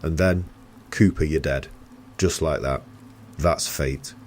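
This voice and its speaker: An icy, unshakable office boss with a very deep voice, as a male horror narrator puts him on. He speaks flatly and deliberately, calm to the point of being inhuman, with a faint hiss of background noise. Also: heavily acted. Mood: cold, calm. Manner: flat, measured and unnervingly calm.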